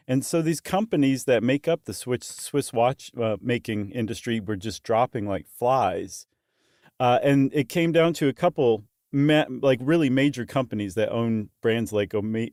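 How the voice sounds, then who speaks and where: A man co-hosting a podcast in casual chat, jokey and animated, with playful asides. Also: mid-range voice, no echo, studio quality. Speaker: podcast co-host.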